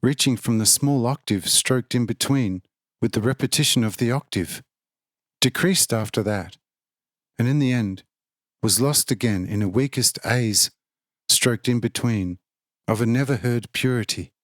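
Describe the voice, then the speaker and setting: Male narrator with a steady, formal reading style and a mid-range voice, recorded dry and close. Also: mid-range voice, measured pace, no echo. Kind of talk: scripted audiobook narration.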